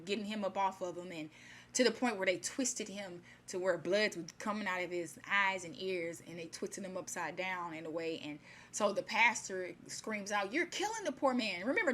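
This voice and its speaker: A woman retelling a fairy tale in her own casual words, chatty and animated, with many fillers and asides. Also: fairly low pitch, a little hiss or hum. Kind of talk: casual spoken retelling of a story.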